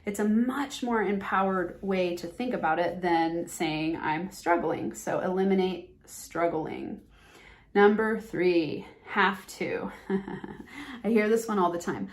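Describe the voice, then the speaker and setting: On her motivational business podcast, a woman coach speaks with earnest emphasis, acting out expressions listeners should give up. Her medium-pitched voice has lively intonation and a slightly slow pace.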